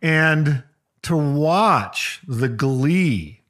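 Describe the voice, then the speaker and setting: Animated storytelling man, lively pitch. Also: extremely slow. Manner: animated retelling of football stories with quoted voices. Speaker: podcast co-host. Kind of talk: casual chat, storytelling.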